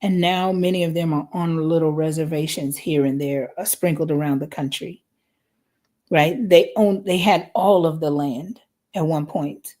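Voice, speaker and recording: An American woman hosts a live parenting podcast with a low-pitched voice. She talks in a relaxed, conversational way, often ending points with "right?" to check in with listeners. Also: moderate pace. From United States. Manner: conversational, frequent "right?" tag questions.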